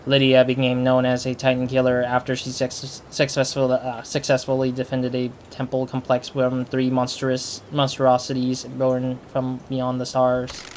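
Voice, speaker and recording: A man voicing a solemn guiding presence in a game, reading a file in a slow, monotone put-on accent. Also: mid-range voice, a little hiss or hum, lightly acted.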